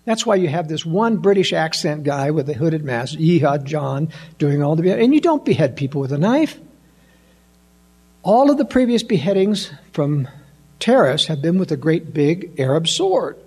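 Older man, husky voice, fairly high pitch, emphatic monologue, rhetorical questions. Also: sing-song, normal speed, a little mellow. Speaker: political commentator. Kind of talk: monologue to an audience.

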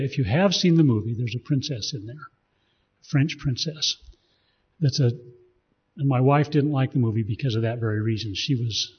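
A man's voice: mid-range voice, husky, lo-fi sound. A man telling digressive stories while he talks casually to a group. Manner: rambling, digressive storytelling. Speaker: speaker addressing a group. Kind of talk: casual talk.

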